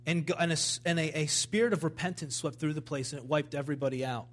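A man's voice: on the high side, steady tone, fast talker. Fervent man preaching a sermon. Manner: fervent, emphatic preaching that swells in intensity. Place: church service.

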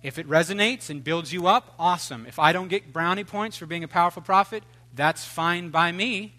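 A man preaching a sermon in an animated, joking way, swinging between loud outbursts and hushed asides. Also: sits high, normal speed. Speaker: pastor.

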